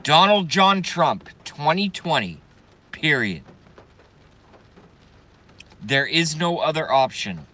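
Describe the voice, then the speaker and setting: A man's voice: on the high side, sing-song, slow, long pauses, bright, forceful tone. A middle-aged man live streaming, rambling brashly in a crude, stop-start way to his chat. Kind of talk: casual live-stream rant.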